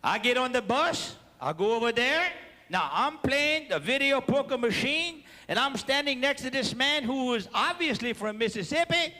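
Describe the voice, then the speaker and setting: A man with a Cajun accent telling animated stand-up stories to a live audience, slipping in French phrases and acting out sound effects. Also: extremely high pitch, moderate pace. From South Louisiana. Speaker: comedic storyteller. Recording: long hall reverb, faint crowd and noise.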